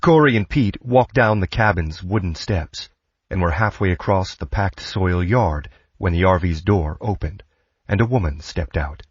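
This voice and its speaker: A man giving a steady, scripted audiobook narration. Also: low-pitched, normal speed, slightly rough, dry recording, dull audio.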